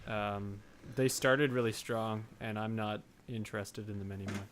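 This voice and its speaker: A man's voice: fairly low pitch, fairly even intonation, normal speed, a bit bright, slight background noise. A man co-hosting a pop-culture podcast, speaking in a laid-back, casual way. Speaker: podcast co-host. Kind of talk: casual chat.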